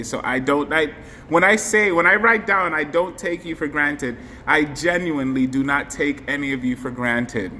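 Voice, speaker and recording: Effusive male live-stream host, high voice, reverberant room with faint hiss. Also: a little slow. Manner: effusive, animated, thanks viewers by name. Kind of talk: casual live-stream chat. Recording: faint background noise, long hall reverb.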